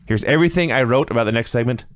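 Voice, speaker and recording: A man co-hosting a casual podcast, recapping wrestling with sarcastic, animated commentary. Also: medium pitch, racing, no room sound, studio quality. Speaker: podcast co-host reviewing wrestling.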